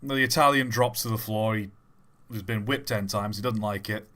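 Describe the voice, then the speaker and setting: A man's voice: fairly low pitch, moderate pace, sharp tone. Rambling man on a livestream. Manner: rambling, repeats and restarts words. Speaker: livestream host. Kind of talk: casual stream chat and joke telling.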